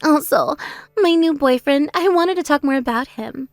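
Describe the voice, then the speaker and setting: A woman's voice: sits high, normal speed, no room sound, studio quality, faint music behind. A woman voicing a bratty, boastful younger sister. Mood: gloating. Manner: mocking, taunting, gloating. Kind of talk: text-message story voice acting.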